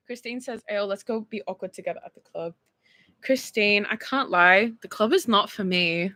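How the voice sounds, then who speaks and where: A woman's voice: fairly high pitch, animated, a little slow, fairly bright tone, no room sound. A young Australian woman in her early twenties, chatting casually and giggling as she reads viewer texts on a stream. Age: 20s. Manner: chatty and giggly, lots of fillers. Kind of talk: casual chat.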